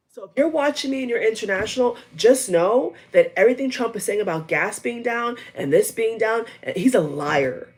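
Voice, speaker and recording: A woman's voice: medium pitch, breathy edge. A woman delivering a heated, profane reaction rant to her camera, repeating lines for emphasis. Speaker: vlogger. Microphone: headphones on. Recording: audio cutting in and out, level dropping.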